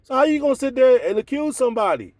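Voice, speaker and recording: A man's voice: very high voice, very animated, fast, dry recording, clean studio sound. A man giving an exasperated commentary rant, repeating himself and firing rhetorical questions. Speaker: commentary channel host. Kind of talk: ranting commentary.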